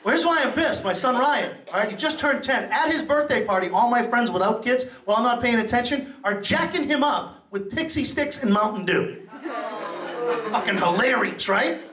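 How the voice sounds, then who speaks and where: A man's voice: very high voice, animated, moderate pace. A middle-aged man from Massachusetts doing a profane stand-up set, firing off brash crowd work on a comedy club stage. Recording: distant, roomy club recording with loud crowd noise. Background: audience laughing and applauding.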